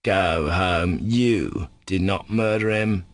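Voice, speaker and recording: A man's voice: sits low, slow pace, no room sound. A man reading an audiobook, voicing a sick former valet who drawls with contempt. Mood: scornful.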